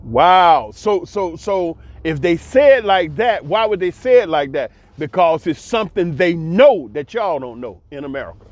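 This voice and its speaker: Guy ranting straight to camera, emphatic and repetitive, kinda high pitched, muffled lo-fi audio. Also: sing-song, normal speed, few pauses, dry recording. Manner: emphatic, repetitive, blunt and profane. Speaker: commentator. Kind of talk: casual monologue commentary. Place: abroad.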